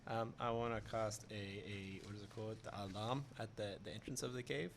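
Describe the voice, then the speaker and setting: Dry-witted man, lowish voice. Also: steady tone, a little fast, creaky, a little hiss or hum. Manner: dry, teasing. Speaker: player. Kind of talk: casual tabletop play.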